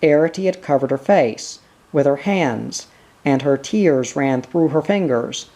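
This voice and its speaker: A reader reading a children's novel aloud in a measured, gentle, unhurried way. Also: mid-range voice, expressive. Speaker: audiobook reader.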